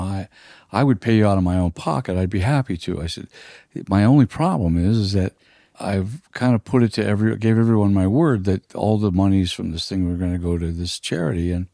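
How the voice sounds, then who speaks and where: An older man with a husky, very low voice and a dark, mellow tone. He tells his stories slowly and haltingly, with many fillers. The sound is close and dry. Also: no echo. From United States. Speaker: guest musician. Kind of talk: casual storytelling.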